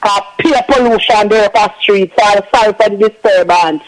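Older Jamaican man caller, very high voice, gushing blessings and praise down the line. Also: a little fast, poor audio. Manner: effusive, full of blessings and praise. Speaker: radio caller. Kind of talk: casual call-in chat.

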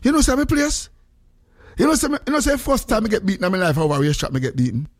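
A man with a Jamaican accent hosting a casual chat, telling stories in an animated way and slipping into patois. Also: high-pitched, quick pace, slight background noise. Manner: animated storyteller, mixes in patois.

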